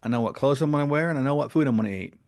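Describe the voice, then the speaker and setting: A man's voice: medium pitch, animated, very fast, darkish tone, close to an everyday voice. A man acting out a frightened grown man who pleads to go back to jail, close to tears as he tells a story. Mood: pleading. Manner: pleading, tearful.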